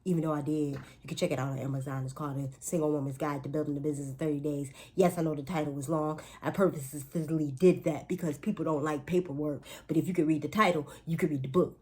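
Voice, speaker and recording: A woman's voice: deep voice, steady tone, fast talker, hardly any pauses, a little mellow. A woman talking casually to viewers in a spiritual pep talk, chatty and emphatic, with playful asides and speech. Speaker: astrology and spiritual reader.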